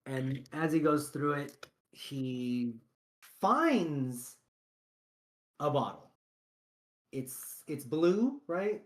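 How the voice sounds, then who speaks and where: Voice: mid-range voice, animated, extremely slow, long pauses. A game master narrating a tabletop game in a loose, chatty way, often checking in with "right?".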